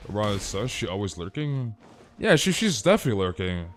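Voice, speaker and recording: A man streaming a game live and chatting with his audience in a loose, emphatic, ranting way. He stammers through quick repeated restarts and keeps dropping "dude" and mild swears. Faint music plays quietly underneath. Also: on the low side, big pitch swings. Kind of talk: casual live-stream chat while gaming.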